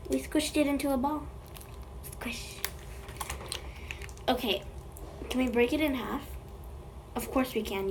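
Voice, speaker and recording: A woman's voice: high-pitched, a little hiss or hum. A woman making a slime vlog, playfully chatting to the slime as if it were alive, recorded on a phone. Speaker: slime video creator.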